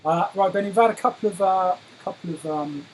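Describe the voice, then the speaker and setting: A man's voice: sits high, a little fast, slight background noise, rough recording. A British man hosting a casual online show, chatty and full of fillers. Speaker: host. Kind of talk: casual chat.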